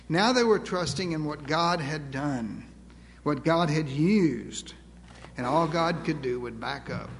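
An older man preaching a sermon to a church, folksy and humorous, drawing out words for emphasis. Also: on the high side. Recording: long reverb of a large hall.

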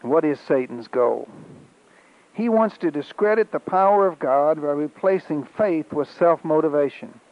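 A man preaching a sermon with an emphatic, repeating cadence and frequent throat-clearing. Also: fairly high pitch, lively intonation, unhurried. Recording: dull lo-fi recording.

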